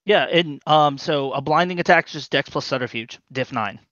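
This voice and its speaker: A man's voice: on the high side, fairly bright tone, no echo, muffled recording. Hesitant man running a tabletop game. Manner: halting, explains rules with many fillers. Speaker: game master.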